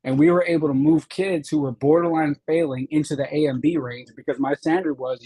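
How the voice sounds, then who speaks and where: A man's voice: on the high side, fairly even intonation, brisk, hardly any pauses, dark tone, slightly rough, poor audio. A man from Chicago, a state representative, telling his life story earnestly in an interview. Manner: earnest storyteller, acts out quoted teachers. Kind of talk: interview conversation.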